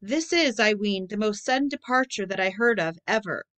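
A woman's voice: medium pitch, lively intonation, moderate pace, fairly bright tone, natural voice. A woman reading the lines of a grieving medieval knight, lamenting in archaic speech.

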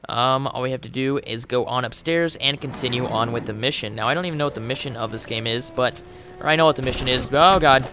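A man giving casual let's play commentary, excitable and quick with exclamations as he plays. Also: mid-range voice, noisy background. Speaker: gamer. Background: game music.

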